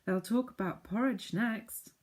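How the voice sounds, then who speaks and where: A woman's voice: medium pitch, a little slow, a little mellow, pitched above the performer's own voice, close to an everyday voice. A woman voicing an earnest young girl in a storybook reading, plain and earnest.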